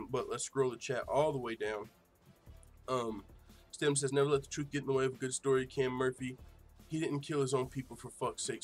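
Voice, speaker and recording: A man hosting an MMA talk show, chatting casually with lots of swearing and sudden loud outbursts. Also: mid-range voice. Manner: excitable, swearing, mimics quotes loudly. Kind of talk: casual profane commentary.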